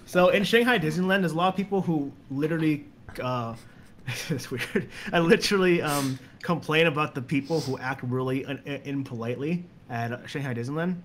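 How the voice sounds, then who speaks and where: A man's voice: fairly high pitch, fairly quick, slight background noise. A young man telling stories in a casual podcast chat, rambling and repeating words as he goes. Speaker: guest.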